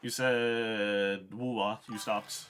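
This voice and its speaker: A man's voice: fairly low pitch, fairly even intonation, slow, a bit bright, slight background noise. A man streaming a game, chatting casually and profanely to his viewers. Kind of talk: casual gameplay commentary.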